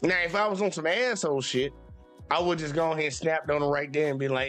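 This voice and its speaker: A man's voice: on the high side, fast, a bit bright, faint music behind. A man hosting a sports channel, ranting heatedly and profanely with speech. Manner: profane, exasperated, repetitive. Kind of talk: heated live-stream rant.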